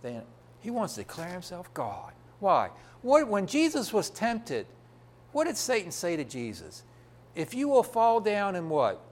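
A man's voice: high voice, wildly swooping pitch, unhurried. A man preaching a sermon, asking the congregation rhetorical questions and answering them himself.

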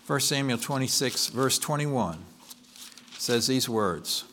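Animated male preacher, lively voice. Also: medium pitch, slow, a little hiss or hum. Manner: animated storytelling, with frequent restarts and self-corrections. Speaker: pastor. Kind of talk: sermon.

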